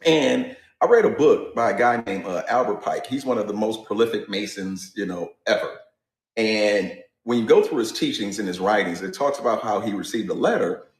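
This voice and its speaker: A man's voice: on the low side, normal speed, echoey room. A man ranting bluntly and casually, swearing as he builds his point. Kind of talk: casual rant. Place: garage.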